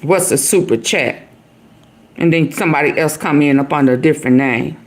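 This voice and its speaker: A woman's voice: deep voice, a little fast. A woman hosting a live stream, bluntly scolding viewers and telling them to use super chats. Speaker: livestream host.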